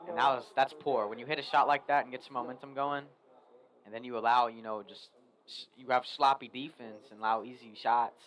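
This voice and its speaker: A man's voice: mid-range voice, fairly even intonation, fairly quick, a bit bright, poor audio. A young man doing chatty, lightly joking play-by-play commentary for a school basketball game. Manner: chatty, lightly joking, talks while eating. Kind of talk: local sports commentary.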